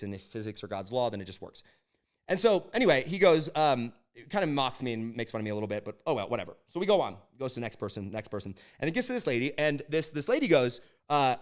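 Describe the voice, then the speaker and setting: A man in his thirties telling a story in a casual monologue, animated and emphatic, with many fillers and restarts. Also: mid-range voice.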